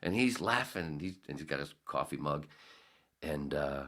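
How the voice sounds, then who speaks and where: A man's voice: very deep voice, expressive, normal speed, fairly bright tone. A middle-aged man hosting a podcast, telling a rambling anecdote in casual storytelling style, correcting himself as he goes. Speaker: podcast host.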